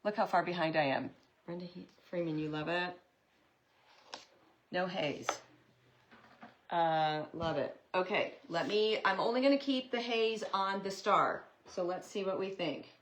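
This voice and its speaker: A woman's voice: on the low side, unhurried, a little hiss or hum. A woman hosting a live craft tutorial, chatting with viewers in an upbeat way while she works. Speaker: craft host.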